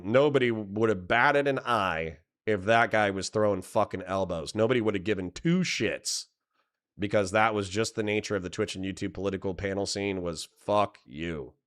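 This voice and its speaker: Low smooth-voiced male streamer. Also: fairly bright tone. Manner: rambling, profane, reads chat aloud. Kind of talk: casual live-stream commentary.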